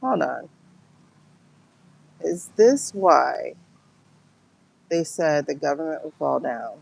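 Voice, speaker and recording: A woman with a gravelly, creaky voice doing a livestream pendulum reading. She speaks slowly and emotionally and keeps calling out to her viewers. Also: low voice, expressive, a little mellow, low-quality recording. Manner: emotional, exclaiming, talks to viewers as "girl". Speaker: tarot and pendulum reader.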